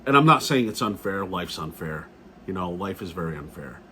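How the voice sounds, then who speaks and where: Blunt middle-aged male vlogger, low voice, profane and repetitive, faint background hiss. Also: lively intonation, normal speed, pushed and bright. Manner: blunt, profane, repeats himself. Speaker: gun vlogger. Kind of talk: casual ranting vlog.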